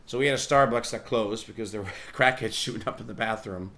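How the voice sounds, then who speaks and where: A man's voice: on the low side, fast, gravelly, fairly bright tone. A man hosting a podcast, rambling through a casual monologue, profane and sardonic, laughing at his own jokes. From New York. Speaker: podcast host.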